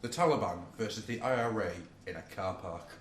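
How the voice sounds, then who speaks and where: A man's voice: on the low side, animated, fairly quick, a bit bright. A man co-hosting a podcast. He chats casually, swears and jokes a lot. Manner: sweary, joking, bursts into silly voices. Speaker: podcast co-host. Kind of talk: casual banter. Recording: echoey room, faint background noise.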